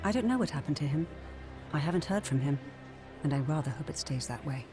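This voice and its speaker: A woman voicing a gracious former goddess in a video game, speaking in a measured, formal way with a mysterious softness. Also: sits low, lively intonation. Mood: warm. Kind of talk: game voice acting. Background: game music.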